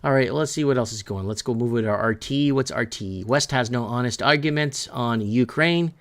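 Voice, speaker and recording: A man's voice: medium pitch, normal speed. Rambling talk-show host man. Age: adult parent of three. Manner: rambling and emphatic, often stumbling over words. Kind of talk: casual news commentary while browsing headlines.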